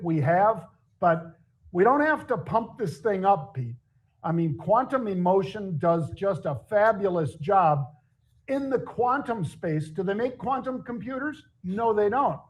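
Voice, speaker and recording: A middle-aged man with a high voice co-hosts a casual market talk show. He is chatty and jokey, and now and then he laughs at his own stories. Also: lively intonation, a little slow, dull audio. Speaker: show co-host.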